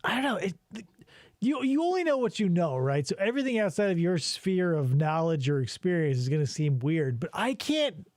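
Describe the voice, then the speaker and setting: Man, podcast host, casual, profane, rambling, high pitch, dry. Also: sing-song, normal speed, darkish tone, no room sound. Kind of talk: casual chat.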